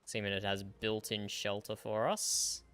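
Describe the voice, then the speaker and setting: A male game streamer talks at his desk mic in a bright, crisp voice sitting a little low. He keeps a dry, matter-of-fact tone and chuckles now and then. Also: flat delivery, unhurried. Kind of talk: casual gaming livestream chat.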